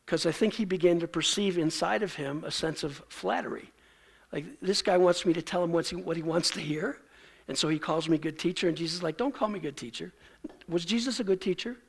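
A man's voice: on the high side, a little fast, creaky, slightly rough. A male pastor preaching a sermon in a conversational way, acting out the lines he quotes.

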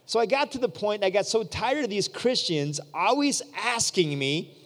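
Male preacher, high pitch, lively storyteller who voices his characters, long reverb of a big hall. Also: brisk. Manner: animated, acts out quoted voices. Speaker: pastor. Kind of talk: storytelling sermon.

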